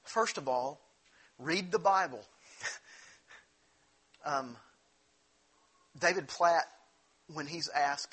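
A man's voice: on the high side, very slow, pauses often, a bit bright, slightly rough. A man preaching a sermon in an earnest, conversational way, often restarting his phrases. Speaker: pastor.

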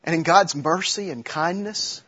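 A man's voice: fairly high pitch, measured pace, a bit bright, husky, lo-fi sound. A middle-aged male pastor preaching conversationally, asking the audience questions and using humor. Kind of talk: sermon.

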